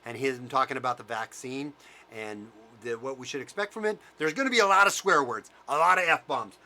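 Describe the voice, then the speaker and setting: A man's voice: medium pitch, a little fast, sharp tone. A man giving an angry, profane ranting commentary, heated and mocking as he talks. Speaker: vlogger.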